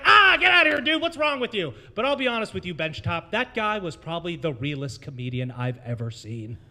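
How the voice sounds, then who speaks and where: A young American man hosts an open mic in a brewery taproom, doing stand-up into a handheld mic. His voice sits high and sounds bright and ringing. He rambles, mocks himself and keeps pulling the crowd into the bit. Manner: rambling, crowd-working, self-mocking. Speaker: open mic host and comedian. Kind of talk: stand-up comedy set.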